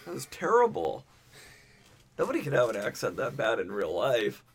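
A man chimes into a movie chat with short, disbelieving reactions. His pitch swings widely as he responds. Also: wildly swooping pitch, normal speed, husky. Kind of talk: casual movie review chat.

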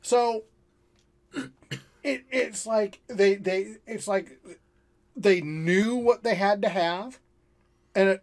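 Guy critiquing a film slowly, kinda high voice, lots of restarts. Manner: measured, analytical, halting restarts. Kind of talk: casual movie discussion.

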